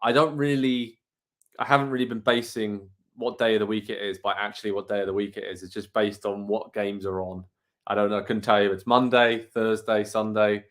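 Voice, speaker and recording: Brisk and fairly low-pitched, an Englishman talks with little pitch movement. He's co-hosting a live online watchalong of a match, casually calling the play and reading viewers' comments aloud.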